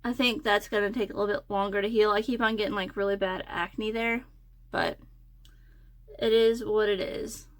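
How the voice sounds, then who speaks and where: A woman's voice: medium pitch, fairly even intonation, moderate pace. A young woman talking in a casual, hesitant ramble full of fillers while getting ready. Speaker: crochet and design vlogger.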